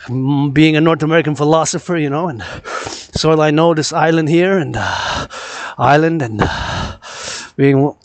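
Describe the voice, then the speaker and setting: A man's voice: a little high, moderate pace, no room sound. A man from Quebec vlogging outdoors while moving through a city, talking in a rambling, repetitive, preachy way into a handheld phone camera. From Quebec, Canada. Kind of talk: rambling outdoor vlog monologue.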